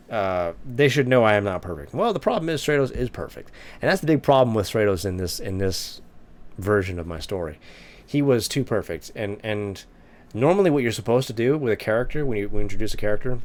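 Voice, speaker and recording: Chatty, self-mocking young man. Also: on the low side. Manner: self-mocking, chatty, many fillers and restarts. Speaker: writing vlogger. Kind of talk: casual commentary reading his old manuscript.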